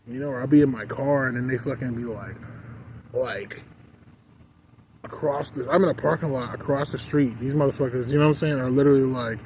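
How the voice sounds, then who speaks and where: Man, mid-pitched, casual profane rant, heavy filler words, noticeable traffic noise behind. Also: fairly quick, darkish tone, low-quality recording. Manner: rambling, profane, constant "like" fillers.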